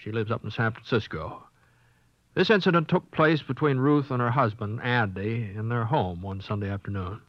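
A man's voice: medium pitch, normal speed, no room sound. A man hosting a 1950s educational film, asking curious, folksy questions and narrating. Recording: dull lo-fi old film soundtrack with music.

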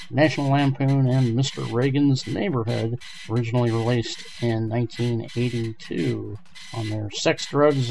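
Quick, casual male radio host. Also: medium pitch, creaky, darkish tone, a little hiss or hum, poor audio. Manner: quick, casual run-through with fillers. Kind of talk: radio show commentary.

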